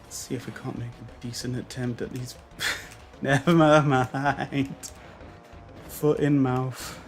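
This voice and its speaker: A man's voice: mid-range voice, steady tone, takes it slowly, soft background music. A man giving casual, self-deprecating commentary while playing a racing game, swearing and laughing at his own mistakes. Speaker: gaming YouTuber.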